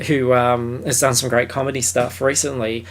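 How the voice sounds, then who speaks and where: A man co-hosting a podcast, reviewing films in relaxed conversation. He talks with an average pitch and rambles, trailing through fillers and restarts and dropping casual swear words. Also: moderate pace, slight background noise. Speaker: podcast co-host. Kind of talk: casual film review chat.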